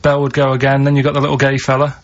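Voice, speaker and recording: A man with a Manchester accent on a comic radio chat, telling rambling anecdotes in a deadpan way. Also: medium pitch, very fast, lo-fi sound. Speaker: radio show regular.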